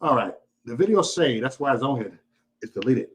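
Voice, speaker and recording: Husky excitable commentary man. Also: mid-range voice. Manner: excited, cursing, quick reactions. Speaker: channel host. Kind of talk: casual live-stream commentary.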